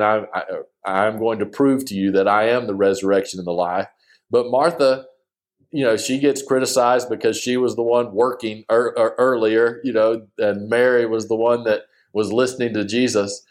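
A man with a somewhat low voice walks through a scripture passage like an informal study leader. He talks loosely and earnestly, pausing on "uh" and restarting his sentences as he thinks aloud. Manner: loose and conversational, with many "uh"s and restarts; earnest and enthusiastic about the text. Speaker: Bible teacher. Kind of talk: casual Bible study commentary.

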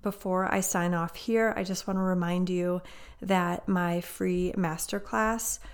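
Hosting her solo podcast as a financial coach, a woman speaks in a fairly low, smooth voice with fairly even intonation and an unhurried pace. Her manner is upbeat and chatty, slightly breathless, with frequent use of "right?"

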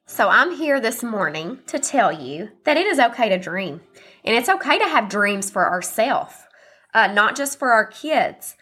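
A woman's voice: on the high side, lively intonation, moderate pace, fairly bright tone, slightly rough. Woman, 30s-40s, solo podcast host; chatty and encouraging, voice scratchy and muffled with allergies. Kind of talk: casual solo podcast chat.

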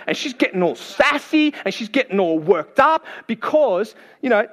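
A man preaching a sermon, telling the story in a lively, playful way and acting out the people in it. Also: extremely high pitch, normal speed. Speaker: pastor.

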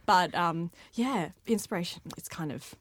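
A woman's voice: on the low side, a little slow, very noisy. A young woman, an author answering interview questions in a bubbly, chatty way with frequent laughs. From Australia. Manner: bubbly, laughs often, lively asides. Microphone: studio microphone.

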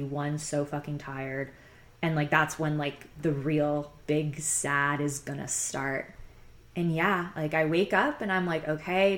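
A young woman casually telling a personal story, rambling and candid, with many fillers. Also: low voice. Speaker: podcast host telling her own story.

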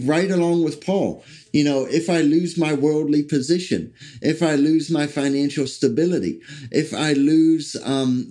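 Halting, fairly high-voiced male preacher. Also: mellow. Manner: halting, many fillers and restarts; slows down to read scripture aloud. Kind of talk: sermon.

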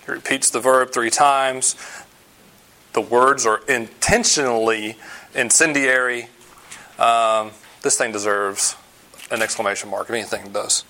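A man's voice: mid-range voice, fairly even intonation, measured pace, bright, forceful tone. Man preaching a conversational sermon. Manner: conversational preaching with frequent fillers; emphatic, explaining scripture. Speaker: pastor.

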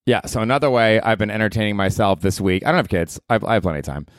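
A man's voice: on the low side, fast, no echo, studio quality. Rambling, profane man in his forties. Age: 40s. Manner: rambling, profane, self-deprecating. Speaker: podcast host and comedian. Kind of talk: casual solo podcast chat. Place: apartment.

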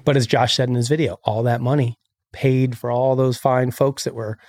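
Gravelly sarcastic podcast host. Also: male voice, mid-range voice, flat delivery, normal speed, darkish tone, dry recording, studio quality. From Illinois. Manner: sarcastic, ranting. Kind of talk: casual podcast chat reading news.

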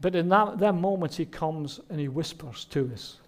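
A man's voice: a little high, moderate pace. Earnest man preaching a sermon. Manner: earnest, warm preaching with rhetorical questions. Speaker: pastor. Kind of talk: Christmas sermon.

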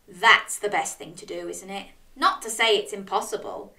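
A woman reading a picture book aloud to young children, animated and sing-song, stopping to ask her listeners questions. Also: medium pitch, a little slow. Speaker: children's story reader.

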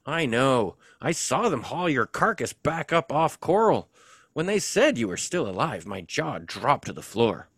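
A man voicing a loud, teasing soldier friend who mocks and exclaims in drawn-out words. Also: mid-range voice, sing-song, husky, no echo, clean studio sound, pitched above the performer's own voice, full character voice.

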